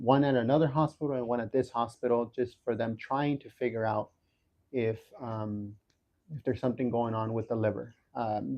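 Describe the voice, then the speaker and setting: A man giving a casual livestream update from a hospital room, talking haltingly with many fillers and restarts. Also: medium pitch, muffled recording. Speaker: livestream host updating viewers.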